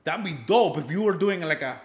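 Animated, high-voiced male guest, lively delivery. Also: a little fast, roomy sound. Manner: animated storyteller, slangy, acts out voices. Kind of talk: casual comedic chat.

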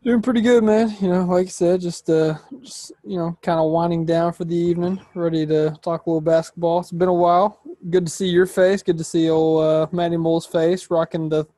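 An easygoing man co-hosts a sports chat. His delivery stays flat and even, recorded close and dry, and he hedges his points with fillers. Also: fairly high pitch, a little fast, few pauses, no room sound. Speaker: podcast co-host.

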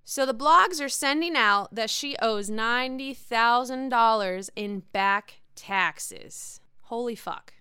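Woman doing a casual tv recap, swears a lot, smooth crisp voice, dry sound. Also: fairly high pitch, takes it slowly, hardly any pauses, dry recording. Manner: candid, profane, lively. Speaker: reality TV recap host.

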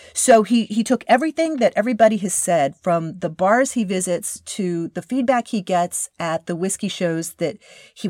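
A woman's voice: medium pitch, dry recording, studio quality. A woman host telling a story in a casual, enthusiastic way, often restarting and searching for words. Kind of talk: casual narration about a craft distiller.

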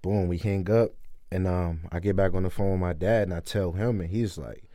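A young man telling a story in a casual interview, excitedly acting out quotes. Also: sits low, a little fast, no echo, clean studio sound. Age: young adult. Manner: animated storyteller, acts out quotes loudly. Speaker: interview guest, college football player.

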